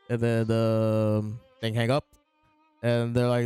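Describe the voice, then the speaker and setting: A man's voice: mid-range voice, completely flat delivery, takes it slowly, mellow, smooth, dry recording. A man hosting a casual chapter review, retelling scenes by quoting the characters in his own voice over faint background music. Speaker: host reviewing comic chapters.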